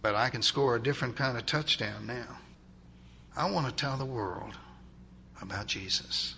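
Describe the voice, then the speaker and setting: A man voicing a paralyzed former football star who speaks quietly and earnestly. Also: medium pitch, normal speed, vocal fry, big-room sound, slight background noise. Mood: whispered.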